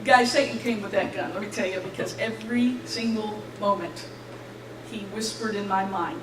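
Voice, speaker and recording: A young adult woman, a graduate, gives her testimony in a church hall with a high voice, animated and laughing easily while acting out each voice in her story. She sounds far from the mic, with ringing echo and a faint hiss.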